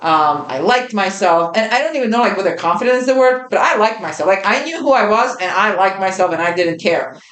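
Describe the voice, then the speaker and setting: A woman in her fifties tells a personal story in an earnest, reflective way, her voice sitting at a middle pitch. The recording has a noticeable echo, as if made in a bare room. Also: expressive, a little fast, hardly any pauses, a bit bright. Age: 50s. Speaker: podcast co-host. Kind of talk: casual chat.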